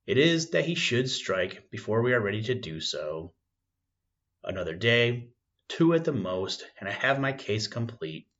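A man's voice: on the low side, big pitch swings, unhurried, a bit bright. A man voicing an urgent, commanding male detective, grave and intense, on a dull lo-fi recording.

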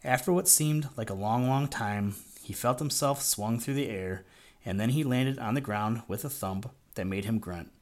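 A man narrating a children's audiobook in a measured, gently expressive storytelling manner. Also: mid-range voice.

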